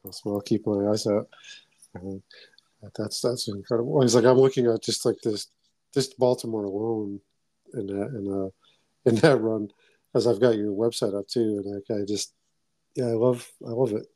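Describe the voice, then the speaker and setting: Eager male podcast host, mellow dry voice. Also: lowish voice, fairly even intonation, no echo. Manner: eager, halting, keeps saying awesome. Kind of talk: casual interview chat.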